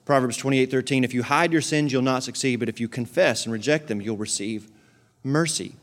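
A man preaching a sermon, asking the congregation direct questions and swinging from loud emphatic peaks to quiet earnest asides. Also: medium pitch, brisk. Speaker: pastor.

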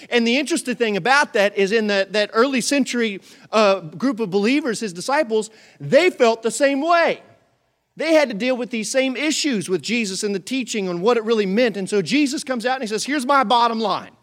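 A pastor in the pulpit, a man with a notably high-pitched voice who preaches with animated swings between loud, punchy lines and quiet asides. He slips into little voices for the people in his stories and keeps a joking, conversational tone. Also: moderate pace. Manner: animated, acts out voices and jokes. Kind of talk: sermon.

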